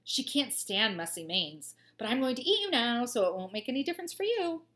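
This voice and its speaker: A woman voicing a grumpy, vain young male lion in a storybook, loud and blustering. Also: fairly high pitch, sing-song, brisk.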